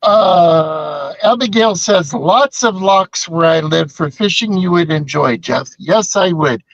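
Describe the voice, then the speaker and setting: Older guy rambling stories, high gravelly voice, flat dull dry sound. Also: takes it slowly, no room sound. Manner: rambling storyteller, reads out viewer comments. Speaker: co-host. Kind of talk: casual live-stream chat.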